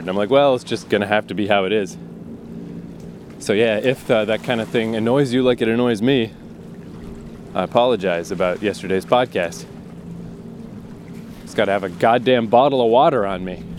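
A man speaking at a middle pitch, rambling through a relaxed solo podcast monologue. He is self-deprecating and curses casually as he talks. A faint hum of noise sits behind his voice. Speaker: podcast host.

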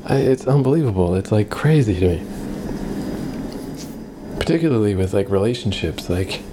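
A man's voice: on the low side, animated, normal speed, background noise. A young man in a casual vlog monologue, rambling and self-reflective, swearing often as he talks through his day.

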